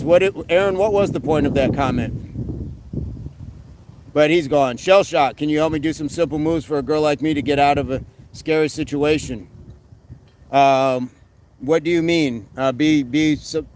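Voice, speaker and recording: A man's voice: on the high side, a little hiss or hum, rough recording. Man chatting on a live stream. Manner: relaxed, answers chat questions with quick tips. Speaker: fitness coach streaming live. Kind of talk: casual live-stream chat, reading comments aloud.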